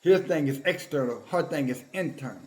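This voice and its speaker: A man with a notably high voice delivers a scolding online sermon. He talks in an emphatic, confrontational way and stops to read scripture aloud. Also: expressive, fairly quick, darkish tone. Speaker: preacher.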